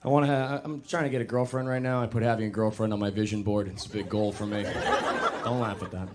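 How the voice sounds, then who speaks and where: A young man performing stand-up comedy on a club stage, talking casually and poking fun at himself, now and then jumping into high mocking voices. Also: fairly even intonation, fast, a little mellow, a little hiss or hum. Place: comedy club stage before a live audience.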